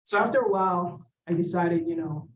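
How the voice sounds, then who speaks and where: Animated man telling a story in an echoey hall. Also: high-pitched, fairly quick. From Hawaii. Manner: animated, acts out quoted dialogue, often clears throat and adds "right?". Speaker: seminar speaker. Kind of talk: personal storytelling talk. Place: lecture room. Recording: echoey room, voice far from the mic.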